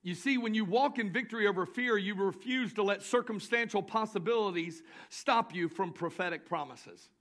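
Southern pastor, high bright tenor, preaches hard and builds to shouts. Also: male voice. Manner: builds to shouting, drawn-out emphatic lines. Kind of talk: sermon. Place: church sanctuary.

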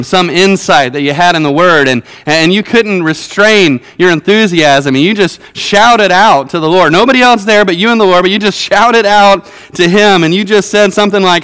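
A man's voice: fairly high pitch, normal speed, fairly bright tone, smooth. A man in his thirties preaching a sermon in a church, earnest and conversational with frequent filler sounds. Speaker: pastor. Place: church worship center. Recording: long reverb of a worship hall.

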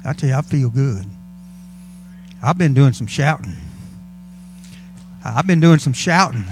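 A man's voice: medium pitch, animated, measured pace, long pauses, breathy edge, faint music behind. A male pastor preaching a sermon in a church, fervent and calling out to the congregation. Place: church sanctuary.

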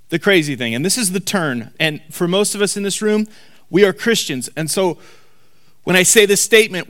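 A man preaching a sermon to a congregation. He talks emphatically and repeats key lines slowly for weight. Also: sits high, bright, forceful tone. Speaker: pastor. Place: church hall before a congregation.

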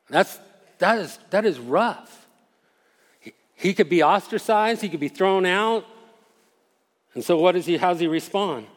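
A man's voice: sits high, animated, moderate pace. Man preaching in a reverberant hall. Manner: conversational, emphatic, acts out quoted voices. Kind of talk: sermon.

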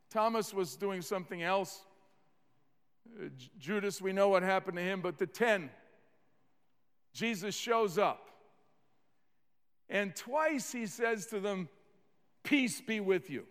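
High-voiced pastor preaching in a reverberant hall. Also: male voice, fairly bright tone. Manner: earnest, repeats words, leads congregation in call-and-response. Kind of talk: sermon.

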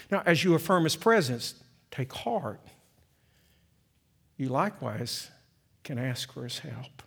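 A middle-aged man preaching a sermon, swinging from loud emphatic peaks to soft, slow passages. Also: mid-range voice, creaky, slightly rough. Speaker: pastor.

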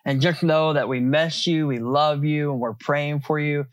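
High-voiced pastor preaching conversationally. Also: male voice, steady tone, moderate pace, dry recording. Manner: conversational, repeats words, rhetorical questions. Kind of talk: sermon.

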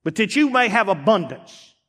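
A man preaches, his voice pitched high and swinging widely from booming emphasis to hushed asides. His delivery is folksy and emphatic. The sound carries the long reverb of a church hall. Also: big pitch swings, normal speed. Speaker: pastor. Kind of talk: sermon. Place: church sanctuary.

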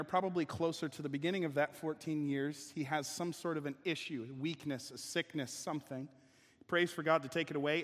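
A man preaching a sermon as pastor, conversational and emphatic, often restarting his sentences. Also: on the high side. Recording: long reverb of a large hall.

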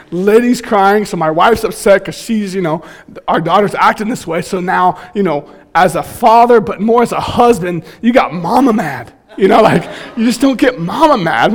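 A man in his thirties preaching a sermon, telling stories in an animated, joking way. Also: high-pitched. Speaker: pastor.

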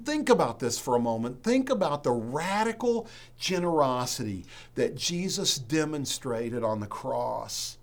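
Slow, earnest male pastor preaching. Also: on the high side. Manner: earnest, emphatic with dramatic pauses. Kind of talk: sermon with closing prayer. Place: church.

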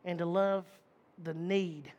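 A man's voice: high-pitched, fairly even intonation, slow pace, darkish tone, dull audio, slight background noise. A male preacher giving a conversational sermon, folksy and emphatic, repeating phrases and restarting sentences as he talks.

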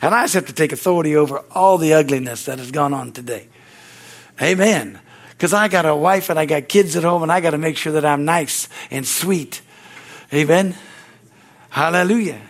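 A middle-aged man preaching a sermon in church, fervent, with repeated words and frequent amens. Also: normal speed. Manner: stories grow loud and high-pitched. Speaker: pastor.

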